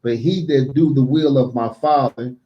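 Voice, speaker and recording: A man slowly and carefully reading scripture verses aloud. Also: medium pitch, muffled recording. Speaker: scripture reader.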